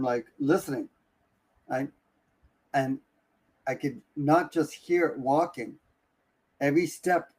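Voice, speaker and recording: A man in the middle of his own range, telling a story casually on a live talk stream. He keeps restarting his sentences and drops to a hush at the tense parts. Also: medium pitch. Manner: animated, breathless retelling with many restarts. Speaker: guest.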